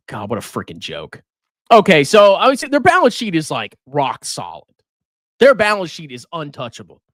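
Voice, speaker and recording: A man's voice: a little high, a bit bright, no room sound, studio quality. A man ranting sarcastically as he reviews a stock on a personal finance live stream, insulting the buyers.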